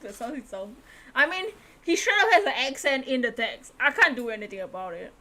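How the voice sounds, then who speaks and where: A woman's voice: on the high side, very animated, fairly quick, bright, forceful tone. A woman streamer chatting casually over a game, giggling often and easily. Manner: giggly, chatty, frequent laughter. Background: game music.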